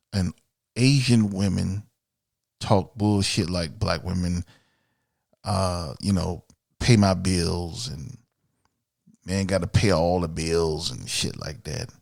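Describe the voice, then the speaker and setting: A man's voice: low voice, gravelly, a little mellow, no room sound, studio quality. A man from Miami hosting a podcast, ranting bluntly and profanely in an opinionated solo monologue. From Miami, USA. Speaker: podcast host.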